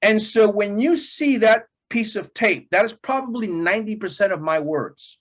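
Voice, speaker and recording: A middle-aged man, an actor as an interview guest, telling a story with lots of energy, laughing often and acting out quotes in a much higher voice. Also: animated, normal speed, fairly bright tone. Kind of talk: animated storytelling in conversation.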